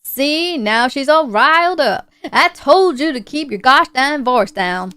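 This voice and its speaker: A woman voicing a gruff, hostile older man who swears often in a folksy drawl. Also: high voice, animated, unhurried, pushed and bright, no room sound, studio quality, voice pushed up, full character voice. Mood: angry. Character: gruff older male homeowner, secretive and hostile.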